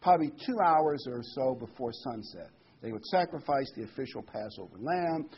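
A man preaching a Bible study, reading verses slowly with heavy emphasis and then explaining them in a casual, conversational way. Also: medium pitch, lively intonation, lo-fi sound, a little hiss or hum.

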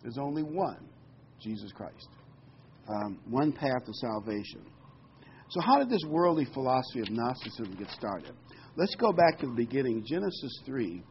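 A man's voice: mid-range voice, sing-song, normal speed, dull audio, slight background noise. A man preaching a sermon in an earnest teaching manner, quoting and explaining scripture with frequent "um"s.

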